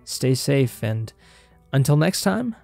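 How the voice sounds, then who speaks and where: A young man hosting a casual film analysis vlog, talking in an animated, rambling way and swearing casually. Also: medium pitch, takes it slowly, vocal fry, faint music behind. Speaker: film reaction host.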